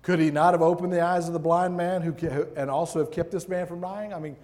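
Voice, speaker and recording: A man giving a sermon as a guest preacher, reading scripture and speaking with slow, emphatic pauses in a large hall. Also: on the high side, fairly even intonation, darkish tone. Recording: long hall reverb.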